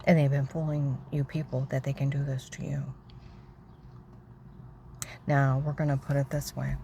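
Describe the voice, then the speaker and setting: A woman telling a long, rambling, agitated story about her own grievances, repeating herself and acting out other people's shouting. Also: extremely low pitch, level tone, normal speed, slight background noise, poor audio. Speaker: storyteller recounting personal grievances. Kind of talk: rambling personal monologue.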